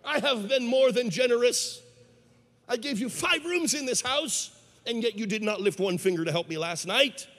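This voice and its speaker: Preacher voicing a high, whiny, desperate man in a sermon parable, echoing hall. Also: expressive, normal speed. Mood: indignant. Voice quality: high, pleading, shouting. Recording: long hall reverb.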